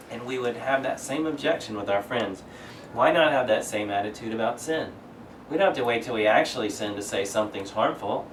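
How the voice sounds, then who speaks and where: A man's voice: medium pitch, brisk, a little hiss or hum. A male pastor preaching a conversational sermon, asking rhetorical questions and acting out quotes. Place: church sanctuary. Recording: echoey church room, miked from a distance.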